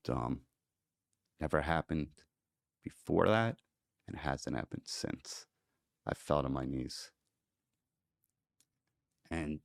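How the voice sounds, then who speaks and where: A man's voice: rumbling low, creaky, no echo, studio quality. A middle-aged American man, a podcast guest, telling a personal story in an earnest, emotional way. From United States.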